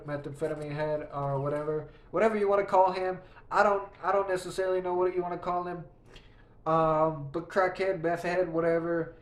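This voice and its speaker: His voice sits high and bounces around an echoey room. The young vlogger plays a game while casually telling a meandering, profane story, restarting sentences along the way.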